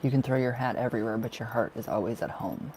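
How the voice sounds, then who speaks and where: A man chats through a live tarot reading, gushing and affectionate, breaking into laughs. His voice sits at a middling pitch with a gravelly fry. A faint hiss runs under the home webcam recording. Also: fast. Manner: warm, gushing, laughs often. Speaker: tarot reader. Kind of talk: casual livestream chat.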